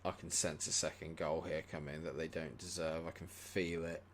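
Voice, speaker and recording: A man streaming a football management game, muttering, then shouting and swearing at the match. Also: rumbling low, level tone, normal speed, a little hiss or hum. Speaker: gaming streamer. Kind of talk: live gameplay commentary.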